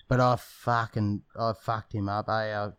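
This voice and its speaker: Swearing Aussie podcast host. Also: male voice, on the low side, level tone, normal speed, fairly bright tone, clear, resonant tone, dry recording, clean studio sound. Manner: profane, blunt. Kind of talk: casual chat.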